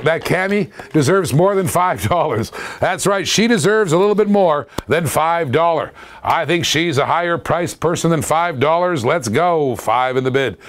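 A Canadian man in his forties auctions off diecast cars on a live stream. His voice sits a little high for a man, and he jokes, chuckles and repeats himself as he calls out bids. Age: 40s. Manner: playful, jokey, laughs often, repeats himself.

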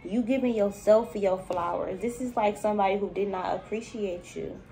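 Faint music sits under a mellow, medium-pitched female voice going at a moderate pace. It's a spiritual reader talking straight to the viewer in a casual reading, padded with loose filler and calling the listener baby.

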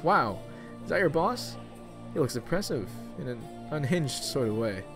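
A man's voice: on the high side, very animated, moderate pace, music in the background. A man voicing a wry, teasing young woman who is a little tipsy.

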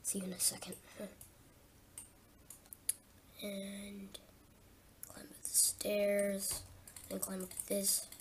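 A woman's voice: medium pitch, monotone, very slow, pauses often, slight background noise. A woman giving casual gameplay commentary as a let's-play host, just woken up and thinking aloud in a chatty way.

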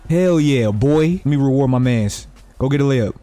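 A young man giving live, profane, trash-talking commentary over his own basketball video game play, breaking into sudden excited yelps. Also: medium pitch, normal speed. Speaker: gaming YouTuber.

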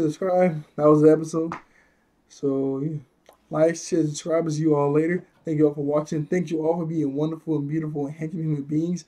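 A man's voice: a little high, dark tone, slightly rough. A man casually recapping an anime episode, rambling, chuckling often and correcting himself as he goes.

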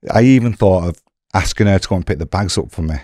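English man, middle-aged, very low voice, animated storyteller who acts out dialogue, dry close sound. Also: fast, no room sound. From England. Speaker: podcast guest telling his story. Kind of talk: casual storytelling.

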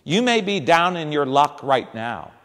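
Man, priest, storytelling sermon, high and very expressive, slow delivery, long church reverb. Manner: animated storyteller, acts out voices, punchy asides to the crowd.

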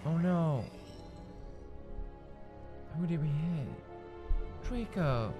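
A man giving let's-play commentary on a video game, excitable and swearing a lot, shouting during fights. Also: a little high, extremely slow, highs cut off. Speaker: gamer. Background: game music.

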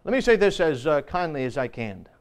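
A man teaching a Sunday school lesson as pastor, earnest and emphatic, often pausing on fillers. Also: a little high, sing-song, clean tone. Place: church.

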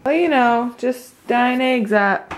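A young woman talks casually to her vlog audience from home, late at night. Her voice sits a little high and she giggles easily between chatty remarks. A faint hiss runs under the recording. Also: takes it slowly. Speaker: vlogger. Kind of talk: casual chat.

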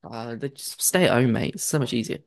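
Gravelly, lively-voiced joking man. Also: mid-range voice. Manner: exasperated, joking, halting. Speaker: podcast co-host. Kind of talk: casual podcast chat.

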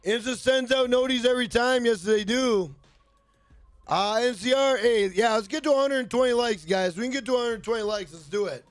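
High-voiced hyped man streaming a game. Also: moderate pace, dry recording. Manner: hyped, profane, shouting out chat members. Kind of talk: live gameplay stream chat. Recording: faint music behind.

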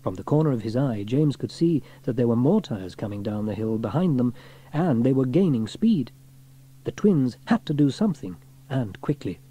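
A man reading a children's storybook aloud in an expressive way. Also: medium pitch, normal speed, breathy edge.

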